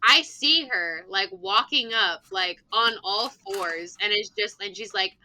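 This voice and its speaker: A woman who teaches school, telling a lively anecdote in casual chat, full of "like" fillers. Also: mid-range voice, slow, a little hiss or hum, poor audio. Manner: animated storyteller, many "like" fillers. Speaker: teacher and tabletop game player.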